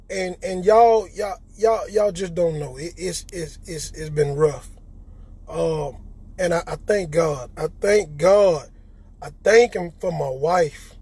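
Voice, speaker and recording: A man telling his own story as a survivor, halting and repeating his words as he talks to listeners directly. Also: fairly high pitch, darkish tone, slightly rough, rough recording. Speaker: coronavirus survivor. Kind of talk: emotional personal testimony.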